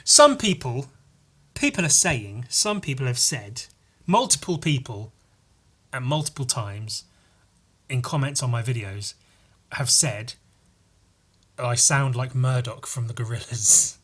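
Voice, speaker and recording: A man's voice: medium pitch, lively intonation, a little slow, long pauses, a bit bright, slightly rough. A man hosting a solo podcast, rambling and self-mocking and swearing freely. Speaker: podcast host. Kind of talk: casual solo podcast chat.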